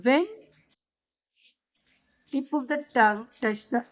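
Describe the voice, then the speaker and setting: A woman teaching the letters of an alphabet, explaining slowly and repeating sounds to demonstrate them. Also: sits high. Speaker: Arabic teacher. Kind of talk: slow explanatory lesson. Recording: dull lo-fi recording.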